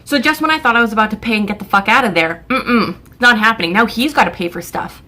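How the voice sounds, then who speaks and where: A woman's voice: a little high, animated, quick pace, bright, forceful tone. A young Canadian woman vlogging a casual storytime, ranting in exasperation and swearing freely as she tells it.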